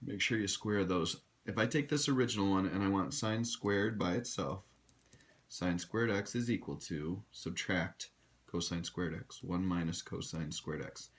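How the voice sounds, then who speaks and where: A man's voice: sits low, a little slow. A man teaching a recorded math lesson, direct and instructive, talking to his students. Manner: direct, instructive, addresses students as you guys.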